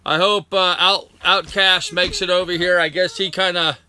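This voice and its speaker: A man's voice: sits high, level tone, moderate pace, bright, forceful tone, smooth. An older man hosting a casual live stream from home, greeting his viewers one by one by name. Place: at home with a dog nearby. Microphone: laptop.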